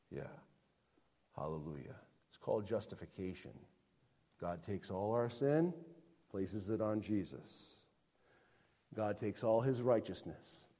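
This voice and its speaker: A man preaching a sermon, swinging between loud proclamation and quiet, hushed emphasis. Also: low voice, in a large hall.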